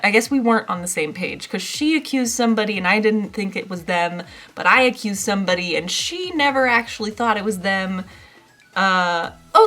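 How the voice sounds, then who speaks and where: A young woman chats about a book in a relaxed, rambling way. Her voice is bright and forward, with ums filling the gaps. Soft music plays faintly behind her. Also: medium pitch. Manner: chatty, rambling, with frequent ums. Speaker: book reviewer. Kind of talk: casual chat.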